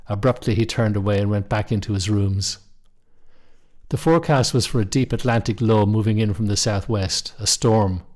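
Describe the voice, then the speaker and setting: Calm low-voiced male narrator. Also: normal speed. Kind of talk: reading a short story.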